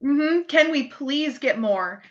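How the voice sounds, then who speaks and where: A woman's voice: high-pitched, expressive, takes it slowly, dull audio. A woman co-hosting a podcast, chatting casually about a TV episode, laughing often and murmuring agreement. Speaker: podcast co-host. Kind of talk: casual TV episode review chat.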